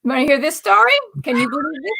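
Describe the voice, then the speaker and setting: High, gravelly woman telling a story. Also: fast. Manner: animated, chatty, laughing at her own story. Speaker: livestream guest. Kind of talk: casual storytelling.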